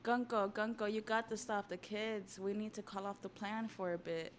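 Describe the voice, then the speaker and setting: A woman's voice: on the low side, measured pace, a little hiss or hum. A woman reading out the lines of a scheming, cruel male villain from a manga, sneering and mocking. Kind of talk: reading manga aloud on stream.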